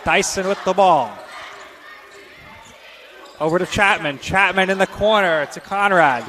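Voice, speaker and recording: Male play-by-play announcer for a basketball game; higher, bright tone, measured pace between the calls. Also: soft background music. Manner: rapid-fire calls, bursts of excitement on scores. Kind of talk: live basketball play-by-play commentary.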